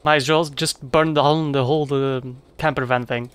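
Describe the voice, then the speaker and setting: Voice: mid-range voice, steady tone, moderate pace, a bit bright, clear, resonant tone. A let's play commentator making joking asides while playing an adventure game. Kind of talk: gameplay commentary.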